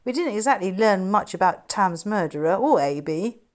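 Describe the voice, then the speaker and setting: A woman voicing a blunt young boy who speaks flatly, in a storybook reading. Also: medium pitch, moderate pace, natural voice. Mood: glum. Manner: flat, glum.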